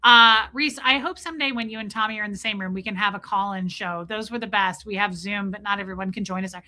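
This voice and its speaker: A woman hosting a casual livestream, greeting viewers by name and telling a self-mocking story in an animated way. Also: medium pitch, quick pace. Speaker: livestream host. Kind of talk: casual livestream chat reading viewer comments.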